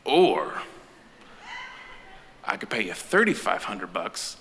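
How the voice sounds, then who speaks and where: A man voicing a smooth-talking male drug dealer who bargains in a low, wheedling tone, on a storytelling stage. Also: huge pitch swings, slow pace, a bit bright, full character voice. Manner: low wheedling bargaining, bursting into brash hollers. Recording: echoey hall with faint noise.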